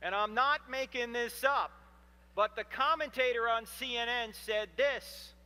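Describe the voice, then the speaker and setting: A man in his fifties giving an animated, humorous storytelling lecture to a live audience in a hall. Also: very high-pitched, measured pace, smooth. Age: 50s. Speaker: Christian apologetics speaker.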